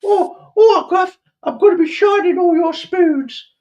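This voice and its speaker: A man voicing a cheeky, eager male Cockney servant in a squeaky high falsetto, as a comic improvised impression. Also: unhurried, a little mellow, lo-fi sound.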